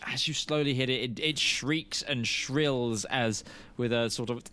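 A man narrating as game master of a tabletop game, pausing often and searching for words. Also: mid-range voice, sharp tone, clean tone. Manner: halting, searching for words with many fillers.

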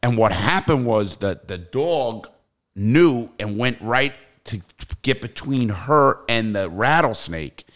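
A man's voice: mid-range voice, animated, takes it slowly, a bit bright. An older man, rambling and swearing as he tells stories on a casual podcast. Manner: rambling storyteller, swears freely, many restarts. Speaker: podcast host.

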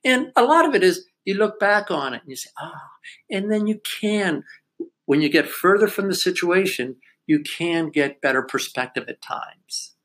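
A man's voice: sits high, expressive, moderate pace, a bit bright. An older man in casual chat, telling a family story in a reflective way and laughing now and then.

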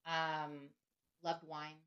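A middle-aged woman with a slightly low voice talks as a podcast guest. She speaks in a reflective, conversational way, often adding "right?" and "you know". Her tone stays open and personal. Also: flat delivery, very slow, fairly bright tone, lo-fi sound. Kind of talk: conversational interview.

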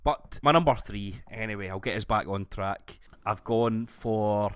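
A Scottish man co-hosting a podcast, telling stories in a sweary, animated way. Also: on the low side, a little slow, smooth, no echo. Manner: sweary, animated storytelling with laughs. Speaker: podcast co-host. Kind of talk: casual chat.

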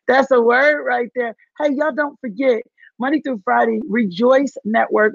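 Fervent Southern woman preacher, gravelly voice. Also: a little high, no room sound, muffled recording. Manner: fervent preaching, repeats phrases for emphasis. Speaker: women's ministry leader hosting a live stream. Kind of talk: live-streamed devotional and prayer.

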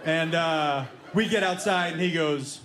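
A man doing a stand-up comedy routine, telling a story with animated energy and acting out the voices of the people in it. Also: a little high, unhurried. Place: comedy club stage before a laughing audience. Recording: roomy live club sound with noise.

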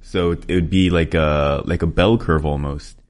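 Very low-voiced man explaining on a podcast. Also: fairly even intonation, normal speed, a little mellow. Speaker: podcast panelist. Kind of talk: casual podcast discussion.

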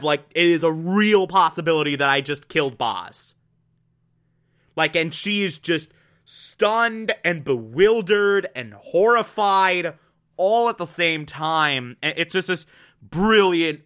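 A man giving an excitable, emphatic recap of a TV episode, laughing often and acting out the characters' lines. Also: fairly high pitch, clean tone. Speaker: TV show reviewer. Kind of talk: casual recap commentary.

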